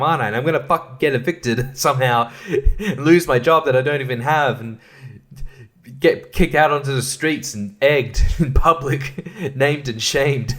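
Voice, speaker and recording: Profane ranting Australian man, higher voice. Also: fairly bright tone. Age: 30s. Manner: profane, exasperated ranting with laughs. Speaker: podcast host. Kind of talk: solo ranting podcast.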